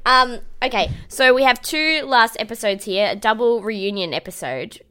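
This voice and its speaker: A young woman co-hosting a podcast in loose recap chat. Her voice is bright and forceful, and her talk is sweary and rambling, full of fillers and quick laughs. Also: on the high side, smooth. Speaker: podcast co-host.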